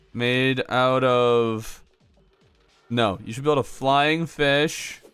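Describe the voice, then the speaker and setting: This dry recording catches a man's clean, slightly bright mid-range voice as he streams a video game. He chats with his viewers, answers their messages aloud, reacts to what happens on screen, and laughs frequently.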